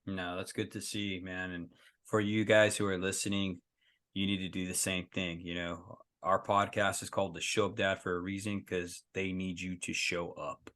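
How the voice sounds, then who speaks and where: A man's voice: deep voice, little pitch movement, moderate pace, a bit bright. A man hosting a podcast, talking in an earnest, emphatic way and telling stories in a casual conversation. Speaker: podcast host.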